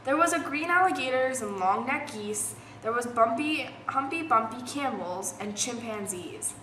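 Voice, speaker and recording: A woman's voice: on the high side, lively intonation, moderate pace, bright, forceful tone. A young woman from Colorado reading children's poems aloud expressively, stumbling over a word now and then. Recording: echoey room, faint noise.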